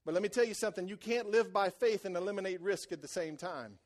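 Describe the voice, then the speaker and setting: A man preaching a sermon as pastor in a church, repeating phrases for emphasis and swinging between quiet, intense passages and loud, excited ones. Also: high-pitched, fast talker.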